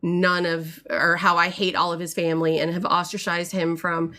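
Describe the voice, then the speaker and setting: A woman's voice: on the low side, little pitch movement, moderate pace, bright, forceful tone. Woman, thirties, indignant, rambling, frustrated, livestream mic. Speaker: mother telling a family story. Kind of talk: casual storytelling to viewers. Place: home art studio.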